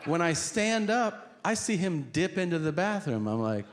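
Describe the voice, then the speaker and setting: Profane, animated male stand-up comic. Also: on the high side, moderate pace. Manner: profane, animated, acts out characters and yelling. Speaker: stand-up comedian. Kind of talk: stand-up comedy storytelling. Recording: live stand-up set with background noise.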